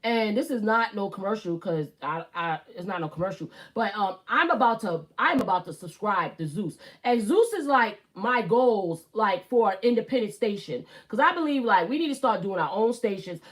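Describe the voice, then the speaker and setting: Medium in pitch, she talks animatedly at a moderate pace with hardly any pauses. The speaker, a woman in her thirties from Brooklyn, New York, with a Brooklyn accent, hosts a casual YouTube live stream, being blunt, swearing, and repeating things for emphasis.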